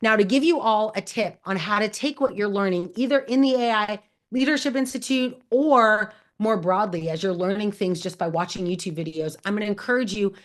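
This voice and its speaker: An energetic woman talks straight to her audience. She gives career tips in an encouraging, conversational way, and her voice sits at an everyday middle pitch. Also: a little fast, hardly any pauses. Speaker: host. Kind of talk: Q&A advice talk.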